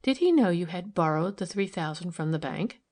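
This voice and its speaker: A woman reading the lines of a gentle, quiet woman who asks curious questions in an audiobook. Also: lowish voice, animated, normal speed.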